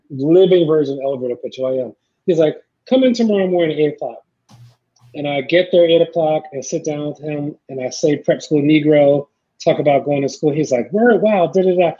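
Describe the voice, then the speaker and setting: A middle-aged man telling stories in a casual chat, acting out the people he quotes in lively voices. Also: on the high side. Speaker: podcast guest, filmmaker. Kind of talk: casual storytelling. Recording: dull lo-fi sound.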